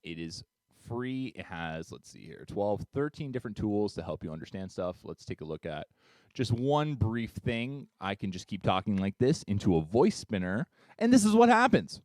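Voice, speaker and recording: A man teaching a music tutorial, upbeat and chatty, counting beats out loud as he demonstrates. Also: fairly low pitch, big pitch swings, normal speed, no echo. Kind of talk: screen-share tutorial.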